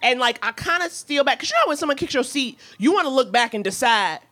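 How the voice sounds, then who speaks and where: A woman co-hosting a comedy podcast, telling a story in a sassy, animated way with laughing asides. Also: sits high, quick pace, few pauses. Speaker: podcast co-host.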